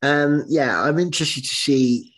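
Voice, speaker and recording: A man, co-hosting a casual chat podcast, animated and swearing, acting out scenes in little voices. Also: fairly high pitch, measured pace. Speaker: podcast co-host.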